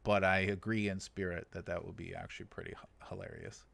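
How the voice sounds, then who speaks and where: Low-voiced sarcastic American livestream host. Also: male voice, little pitch movement, brisk, gravelly, fairly bright tone. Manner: dry, sarcastic humor with chuckles. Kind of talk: casual livestream chat reading viewer comments. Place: living in China.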